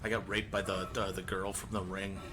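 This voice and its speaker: A man's voice: low-pitched, level tone, fairly quick, noisy background. A young man streaming, telling rambling crude stories to his chat, laughing often and trailing off. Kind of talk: rambling casual storytelling to a live chat.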